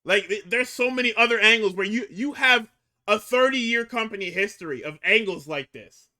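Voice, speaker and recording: A man's voice: high-pitched, animated, normal speed, bright, forceful tone. A man co-hosting a podcast in casual chat, ranting profanely about a wrestling segment. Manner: profane, heated ranting with laughs. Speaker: podcast co-host.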